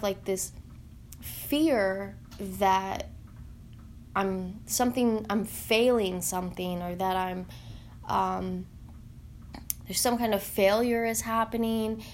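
Slow, halting woman with faint background hiss. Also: mid-range voice. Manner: halting, searching for words, many fillers; earnest and heartfelt. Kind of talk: emotional spiritual monologue.

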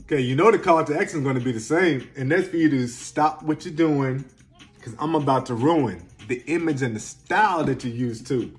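A man talks straight to his viewers in a slangy, emphatic motivational style. His voice sits in a middle pitch and swings from loud pushes to soft murmurs. Faint music plays underneath. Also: a little fast. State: close to tears at times. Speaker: self-help video host. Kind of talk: motivational casual talk to camera.

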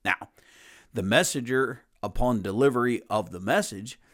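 A man's voice: mid-range voice, moderate pace, fairly bright tone. A man gives a conversational sermon in a mid-range voice. He talks earnestly and plainly, circling back over his words as he builds each point. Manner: earnest, plain-spoken, repeats and restarts phrases. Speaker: preacher.

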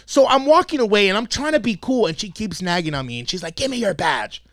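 Man, high voice, swings all over in pitch, profane comic storyteller, podcast host, dry studio sound. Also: quick pace, dry recording. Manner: animated, swears constantly, acts out quotes. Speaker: podcast host and youth football coach.

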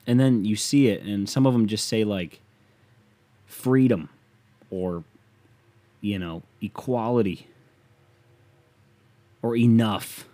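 A man's voice: lowish voice, slow, pauses often, mellow. A young man from Ohio hosting a casual sports rant, profane and sarcastic.

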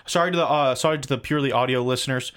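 A man co-hosting a casual podcast livestream, rambling through details with self-deprecating asides and quick jokes. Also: mid-range voice, fairly bright tone. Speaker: podcast co-host.

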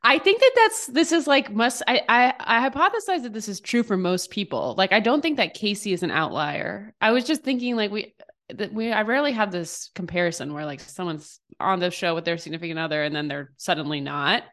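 A woman's voice: mid-range voice, animated, fairly quick, a bit bright. A woman co-hosting a podcast in casual chat, talking with lots of fillers and restarts. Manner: chatty, many fillers and restarts. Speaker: podcast co-host.

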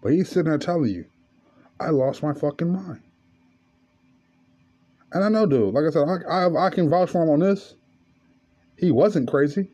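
A man's voice: fairly high pitch, lively intonation, a little fast, warm tone, husky. A man hosting a podcast, telling a story in a casual, profane monologue. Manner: profane, storytelling, rising to angry rant. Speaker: podcast host.

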